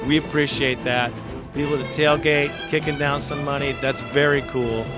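A man hosting a sports fan podcast, talking in a fired-up, rough way, cursing and laughing often. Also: fairly high pitch, fairly even intonation, moderate pace, music in the background. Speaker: podcast host. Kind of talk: casual fan podcast talk.

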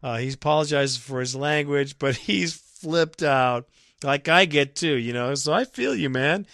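A man's voice: on the high side, lively intonation, unhurried, a bit bright, no room sound, clean studio sound. A man hosting a fan podcast, reading listener messages and ranting about his team's loss, sarcastic and exasperated, sometimes breaking into laughter.

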